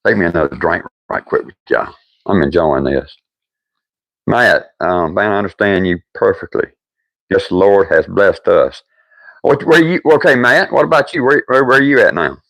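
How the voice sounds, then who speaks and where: Folksy older man with a Deep South drawl. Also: animated, moderate pace, creaky, fairly bright tone, dry recording. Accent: Deep South American. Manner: folksy, rambling. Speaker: livestream host. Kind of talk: casual livestream chat with viewers.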